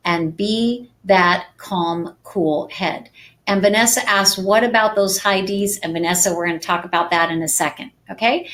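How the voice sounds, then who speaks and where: Woman, sales coach, live-stream training, calm, soft-spoken, slow delivery. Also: medium pitch. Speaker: real estate sales coach.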